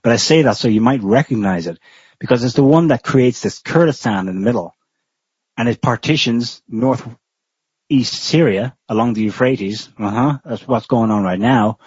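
A man with a breathy, husky voice talks through political commentary in a loose, explanatory ramble, often doubling back mid-sentence. His voice sits at an ordinary pitch. The recording is dry and dull, with a lo-fi sound. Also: normal speed, dry recording. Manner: rambling, explanatory, with frequent restarts.

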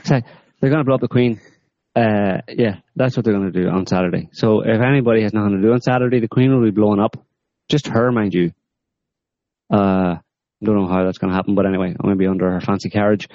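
A man hosting a podcast, rambling in a deadpan sarcastic way with many fillers. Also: fairly low pitch, quick pace, dry recording, dull audio. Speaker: podcast host. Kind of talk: sarcastic current-affairs chat.

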